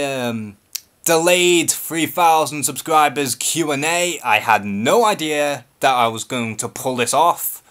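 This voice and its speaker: A man's voice: mid-range voice, a bit bright. A man from Liverpool with a Scouse accent, hosting a live-stream Q&A and speaking in a nervous, hesitant, unscripted way. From Liverpool, England. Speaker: YouTube channel host.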